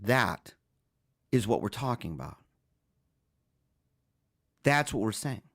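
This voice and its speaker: A man's voice: fairly low pitch, very animated, takes it slowly, fairly bright tone. A man hosting a talk show, talking in a casual, joking monologue and acting out little scenes with frequent chuckles. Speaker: show host.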